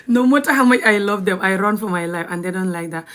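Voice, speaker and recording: A young woman with a Gambian accent chats bluntly on a live video, talking fast in a medium-pitched, slightly bright voice. She laughs often and sometimes drops to a whisper during the casual stream.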